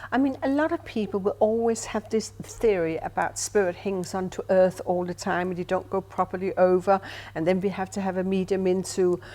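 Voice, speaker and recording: An older woman who works as a spiritual medium tells stories in a conversational interview, speaking emphatically and with animation and asking "do you see what I mean." Her voice sits at medium pitch, and she talks briskly with hardly any pauses.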